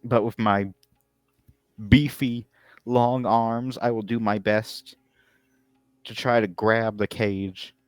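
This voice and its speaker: A man's voice: fairly low pitch, flat delivery, takes it slowly, pauses often, dry recording, clean studio sound, soft background music. A man playing a tabletop game, chatting casually and partly speaking in character. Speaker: player.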